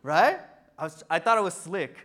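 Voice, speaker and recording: A man's voice: fairly high pitch, a little slow. A young man telling a personal story in a sermon, acting out the voices of the people in it. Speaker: preacher.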